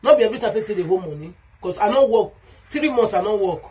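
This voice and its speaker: A woman with a Nigerian Pidgin English accent delivers a heated vlog rant, circling back to the same points again and again. Her voice is deeply husky and breathy, sitting at a middling pitch. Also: lively intonation, quick pace, mellow. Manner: heated, repetitive, calls out someone by name. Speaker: vlogger. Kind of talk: ranting vlog monologue.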